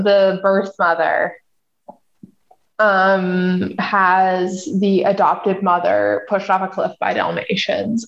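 A woman's voice: medium pitch, echoey room, highs cut off. A woman co-hosting a casual chat, laughing often and making sarcastic asides. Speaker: podcast co-host.

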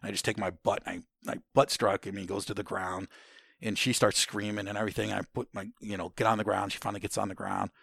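A man's voice: fairly low pitch, level tone, fast talker, gravelly, a bit bright, breathy edge, dry recording, clean studio sound. A man from the United States, a military veteran, telling war stories in a conversation, blunt, swearing, and rambling through restarts and fillers. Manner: rambling, with many restarts and "you know" fillers.

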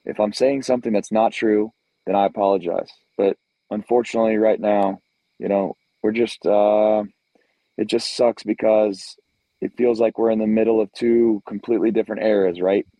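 A man's voice: on the low side, steady tone, normal speed, warm tone, no echo, rough recording. A man co-hosting a sports podcast, delivering a blunt, emphatic, repetitive rant. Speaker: co-host.

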